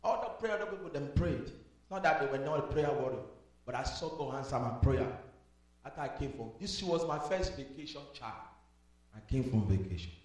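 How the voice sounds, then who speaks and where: A male pastor preaching a sermon and praying blessings, emphatic and repetitive, moving from soft talk to loud declarations. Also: mid-range voice, lively intonation, fairly quick, distant mic. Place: church. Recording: echoey hall with music behind.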